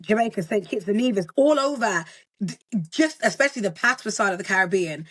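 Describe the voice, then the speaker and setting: Woman, interview guest, bubbly, boisterous, middle pitch, dry close sound. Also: animated, a little fast, no echo. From Britain. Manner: bubbly, boisterous, laughs often. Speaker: guest, content creator. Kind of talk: casual interview chat.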